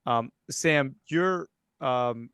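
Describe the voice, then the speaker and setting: Game master, male, smooth voice, halting narration, dry mic. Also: mid-range voice, a bit bright, no echo. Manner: hesitant, many fillers and restarts.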